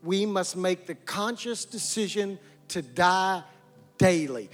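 A pastor preaching a sermon, building repeated lines into emphatic calls and dropping low to press a point. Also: male voice, fairly bright tone. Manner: repetitive preaching cadence, rising to emphatic calls. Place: church sanctuary. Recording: long hall reverb with music.

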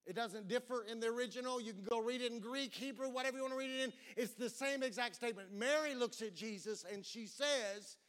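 A man preaching with a high, bright voice. He delivers a sermon dramatically, stretching out key phrases and stumbling through repeated words as he presses his points home. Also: brisk, few pauses. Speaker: pastor.

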